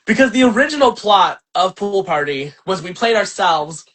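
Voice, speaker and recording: Young male host, casual livestream rant, husky tone, very lively intonation, rambling and profane. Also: sits high, moderate pace. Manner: animated, profane, rambling with many fillers. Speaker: channel host and filmmaker.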